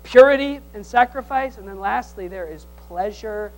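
A male pastor preaching a sermon, swinging from loud exhortation to hushed tones, with teasing humor and call-and-response. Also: high voice, normal speed, a little hiss or hum, low-quality recording.

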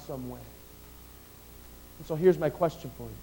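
A middle-aged man preaching a sermon, swinging between loud, emphatic declarations and quiet, personal storytelling, often repeating and restarting phrases. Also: a little high, normal speed, long pauses, slightly rough, low-quality recording.

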